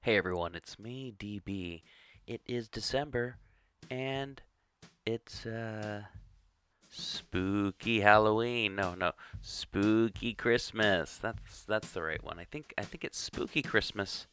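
A man's voice: on the low side, unhurried, a bit bright, slight background noise. A man hosting a radio show, giving a casual, rambling intro and correcting himself as he goes.

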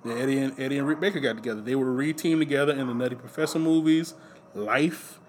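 A man's voice: medium pitch, fast, slight background noise. Rambling man sharing movie trivia. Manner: loose, rambling delivery with frequent fillers and laughs. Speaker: podcast co-host. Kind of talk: casual movie trivia chat.

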